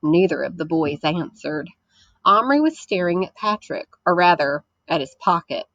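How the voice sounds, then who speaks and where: A woman teacher reading a chapter book aloud to her class, gentle and explanatory, stopping to ask the children questions. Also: on the low side, expressive, normal speed, dry recording, highs cut off.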